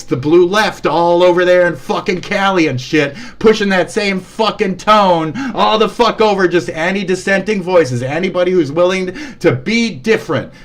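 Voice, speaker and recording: Man ranting angrily on a stream. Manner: heated, swearing, shouting insults then dropping low and muttering. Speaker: live streamer. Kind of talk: angry profane rant on a live stream.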